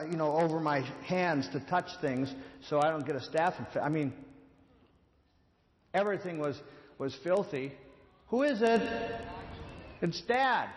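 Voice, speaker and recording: A man giving a conversational sermon, telling a story about an intervention and acting out the quotes. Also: a little high. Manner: conversational, repeats words, acts out quotes. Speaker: speaker on addiction and grace. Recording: long hall reverb.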